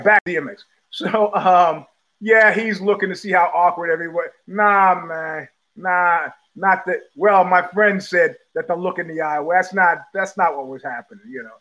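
A middle-aged man hosting his own live show from home, talking in loose digressions with frequent restarts, blunt profanity and quick laughs. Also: fairly high pitch, pushed and bright, poor audio. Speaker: podcast host. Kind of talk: rambling live-stream monologue.

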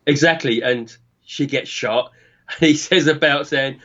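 A man from the UK joins a casual film chat. His voice is a little muffled and lo-fi, and he often pauses, restarts and hunts for the right phrase. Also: mid-range voice, fairly bright tone. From United Kingdom. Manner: hesitant, restarts and searches for words. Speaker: podcast guest. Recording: slightly dull lo-fi sound.

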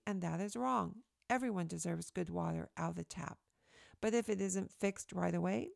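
A woman reading her own opinion essay aloud in an earnest, emphatic, steady way, recorded close to the mic. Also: mid-range voice, vocal fry, dry recording.

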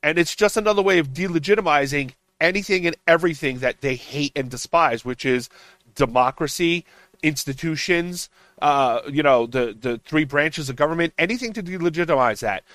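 Profane ranting man, higher voice. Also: normal speed, fairly bright tone, no echo. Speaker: podcast panelist. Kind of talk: heated political roundtable talk.

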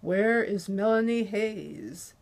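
A woman reading the lines of a calm, menacing male interrogator in an audiobook, measured and commanding. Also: medium pitch. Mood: cold menace.

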